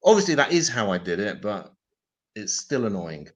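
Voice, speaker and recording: Deadpan stand-up man. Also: on the low side, normal speed, over a noisy crowd, rough recording. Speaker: stand-up comedian. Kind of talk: improvised stand-up.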